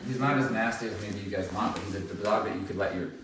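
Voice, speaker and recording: A man working as a dog trainer, explaining casually in a relaxed, rambling way while praising the dog. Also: lowish voice, fast talker, a little hiss or hum. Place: indoor room with dogs. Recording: echoey room, mic far off.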